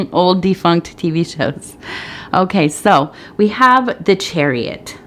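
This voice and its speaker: A middle-aged woman reading tea leaves in a soft ASMR chat, slightly out of breath, rambling and sometimes whispering. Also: lowish voice, lively intonation, slow. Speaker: tea leaf reader.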